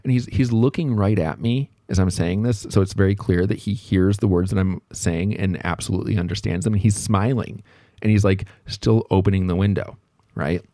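A man's voice: deep voice, fairly even intonation, normal speed, warm tone, dry recording, clean studio sound. A man hosting a podcast, telling a story from his working life in a rambling, self-deprecating, reflective way with lots of fillers. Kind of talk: casual storytelling monologue.

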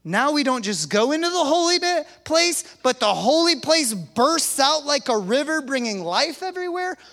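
A man preaching a sermon to a live audience, with casual slang asides and lively, animated delivery. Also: extremely high pitch, moderate pace, in a large hall.

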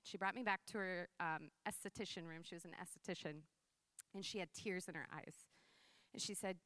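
Woman, 30s, sermon with personal story, conversational and lively; crisp, bright tone. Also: medium pitch, brisk, dry recording. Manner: conversational, animated storytelling with frequent "like" and laughs. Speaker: preacher.

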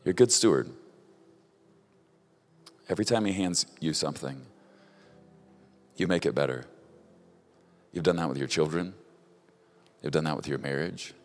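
Very deep-voiced man in a reverberant hall. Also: slight background noise. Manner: halting, repeats words, speaks warmly to one person at a time. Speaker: minister giving prophetic words. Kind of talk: prophetic ministry, speaking directly to people. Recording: long reverb of a large hall.

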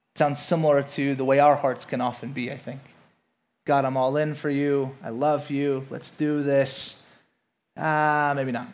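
A young adult man from Louisiana preaching a sermon as pastor, telling stories and building to emphatic points. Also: mid-range voice. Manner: animated storytelling, acts out quotes, rises to emphatic preaching.

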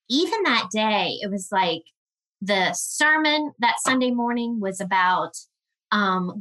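Bright-voiced woman telling an emotional story. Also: medium pitch, low-quality recording. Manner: earnest, emotional, halting restarts. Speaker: podcast guest. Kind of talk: personal storytelling.

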